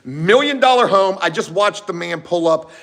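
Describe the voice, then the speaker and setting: A man with a bright, lively, fairly high voice tells a work story to his viewers. He swears freely and is animated, swinging from loud outbursts to low grumbles. The telling is casual and loose. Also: moderate pace, gravelly. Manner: animated, profane, shifts from shouting to muttering. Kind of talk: casual storytelling to a live chat.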